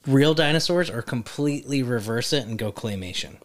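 Man, podcast co-host, casual chat, short replies, thinks aloud, mid-pitched voice. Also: expressive, fairly quick.

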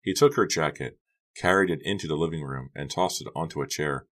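A man narrating an audiobook in a steady storytelling delivery. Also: a bass voice, fairly quick.

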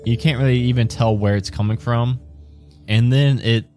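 A man's voice: mid-range voice, steady tone, normal speed, darkish tone, faint music behind. A man narrating a tabletop game as game master in a descriptive way, breaking into laughter now and then. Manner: descriptive, laughs between lines.

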